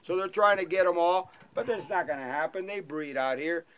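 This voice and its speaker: A man's voice: high voice, a little fast, rough recording. A man guiding an airboat tour outdoors, talking to his passengers in a playful, teasing way and telling stories. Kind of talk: joking guided tour talk to passengers. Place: outdoors on a moving airboat in wetlands. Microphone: 360 camera mounted on the boat. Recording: loud wind and airboat engine noise.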